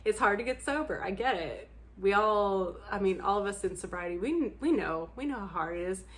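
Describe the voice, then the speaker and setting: A woman's voice: medium pitch, expressive, brisk, fairly bright tone. A young adult woman talking bluntly and candidly to camera in a casual vlog chat, laughing often and swearing freely. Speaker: book vlogger.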